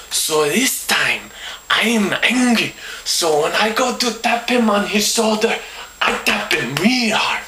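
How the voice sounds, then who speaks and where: A woman telling a comic story to the camera, slowly and deliberately, acting out each moment as she goes. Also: medium pitch, lively intonation, bright, forceful tone. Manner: slow, deliberate retelling, acting out moments with gestures. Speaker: comedy vlogger. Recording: roomy echo with faint hiss.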